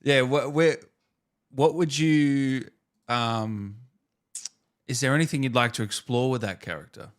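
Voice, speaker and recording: A man's voice: medium pitch, a little slow, long pauses, clear, resonant tone. A man hosting a casual interview, asking curious questions with friendly hesitations. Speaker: host.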